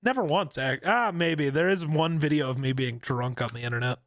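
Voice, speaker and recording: A man's voice: a little high, fairly quick, fairly bright tone, no echo, studio quality. A young man co-hosting a casual podcast chat about a movie, joking and teasing and often breaking into laughter. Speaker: podcast co-host.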